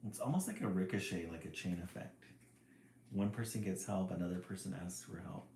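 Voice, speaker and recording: Amused man reading live, gravelly. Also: deep voice, fairly quick, darkish tone. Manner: amused, laughs often. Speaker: livestream reader. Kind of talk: live picture book reading. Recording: roomy echo, faint noise.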